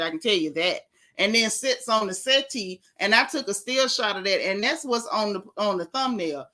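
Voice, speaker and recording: A woman hosts a gossip vlog in a sassy, animated style and hammers her points home with repetition. Her voice is bright and a little high. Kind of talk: casual chat.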